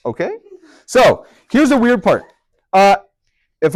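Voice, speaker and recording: A man teaching a high school math class, chatty and upbeat, with joking asides to his students. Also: huge pitch swings, slow, no echo, clean studio sound. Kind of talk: classroom lecture.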